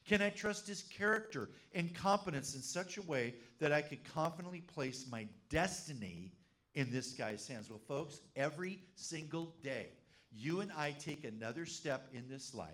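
A man preaching with a fairly high voice, spinning a comic tale into his sermon. He talks like an animated pastor who jokes with his flock before he makes his point. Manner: animated, humorous storyteller. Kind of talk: storytelling sermon.

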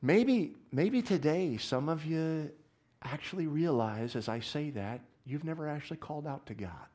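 Male pastor, sermon in a church; animated, lively pitch, alternates loud exclamations with quiet asides, asks the room questions. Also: moderate pace. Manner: asks the audience questions often.

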